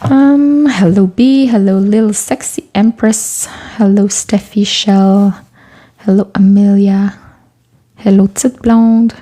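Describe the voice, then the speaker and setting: A woman's voice: medium pitch, slow pace. A woman chatting casually on a live stream while crafting in her studio, greeting viewers by name and often dropping into a whisper. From Quebec, Canada. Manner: soft-spoken, often drops to a whisper while working. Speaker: artist livestreaming from her studio. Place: home art studio.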